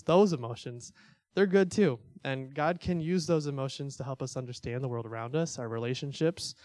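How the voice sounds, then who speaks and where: A man's voice: mid-range voice, mellow, no echo, studio quality. A young man giving a casual, conversational church teaching, full of fillers and little laughs. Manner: conversational, filler-heavy, self-deprecating laughs.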